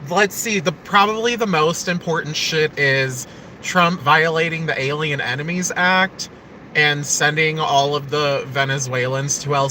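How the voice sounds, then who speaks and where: A man's voice: mid-range voice, sharp tone, a little hiss or hum, low-quality recording. A man on a casual live stream, ranting angrily with lots of swearing. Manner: angry, profane and emphatic. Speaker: livestreamer.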